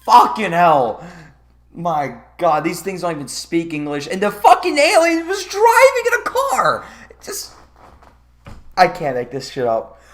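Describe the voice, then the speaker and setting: A man's voice: high-pitched, huge pitch swings, measured pace, a bit bright. A man giving a profane, sarcastic commentary rant about a movie, sounding exasperated. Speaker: movie reviewer.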